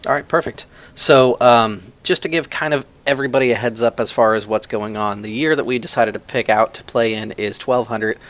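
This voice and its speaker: A man's voice: medium pitch, brisk, a little hiss or hum. A man acting as game master, casually introducing the players at the table. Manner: relaxed, chatty, with many fillers. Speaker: game master and channel host.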